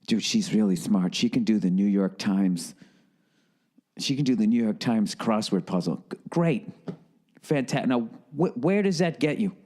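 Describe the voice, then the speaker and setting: A man's voice: fairly low pitch, animated, moderate pace, darkish tone. A man ranting sarcastically and profanely in a comedic podcast monologue, firing off mocking, incredulous questions. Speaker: podcast host.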